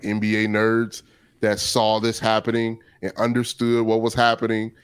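A man co-hosting a sports podcast, talking quickly and rambling, with many fillers. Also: fairly low pitch, clear, resonant tone, no room sound. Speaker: podcast co-host. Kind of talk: casual sports chat.

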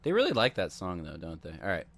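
Man, reaction commentary, low voice, animated pitch, wry, rambling, music faint behind. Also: fast talker, gravelly.

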